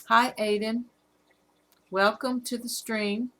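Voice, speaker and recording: A middle-aged woman with a Southern accent, hosting a casual live stream about her fish, halting often with fillers. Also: fairly high pitch, fairly even intonation, bright, forceful tone. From Alabama. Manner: rambling, halting with fillers, reads out chat comments.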